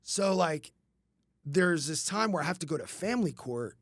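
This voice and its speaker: A man's voice: fairly high pitch, animated, moderate pace, fairly bright tone, dry recording. A man in his thirties telling his life story on a podcast, casual and rambling, with many fillers and swearing. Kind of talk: candid conversational storytelling.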